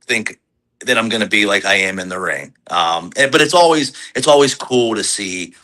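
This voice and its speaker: Bright-voiced wrestler with many fillers. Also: male voice, fairly low pitch, moderate pace, low-quality recording. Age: 40s. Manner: rambling, many fillers and restarts; animated when quoting fans. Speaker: pro wrestler guest. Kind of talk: casual podcast interview.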